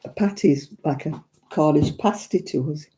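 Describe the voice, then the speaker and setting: A woman's voice: low voice, moderate pace, mellow. An English woman hosting a live crafting stream, talking frankly and laughing often as she answers viewers' comments. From England. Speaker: crafting livestream host. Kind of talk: chatty livestream talk.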